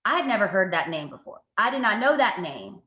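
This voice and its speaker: A woman, a TV reporter, telling stories from her work in a casual interview, lively and self-mocking. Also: medium pitch, brisk, roomy sound. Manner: lively, animated storytelling with self-mocking asides. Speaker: guest, TV reporter and anchor.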